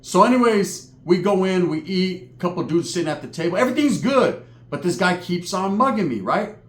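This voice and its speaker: A man's voice: high voice, lively intonation, normal speed, echoey room. A man telling a comic story in a profane, slangy way, acting out other people's voices. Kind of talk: comedic storytelling monologue.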